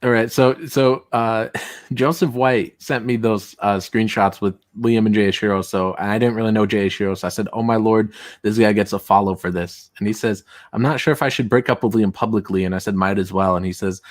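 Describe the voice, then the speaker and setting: A man's voice: on the low side, fairly even intonation, a little fast, no room sound, studio quality. A man hosting a casual talk show, reading messages aloud with sarcastic asides and frequent laughter. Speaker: show host.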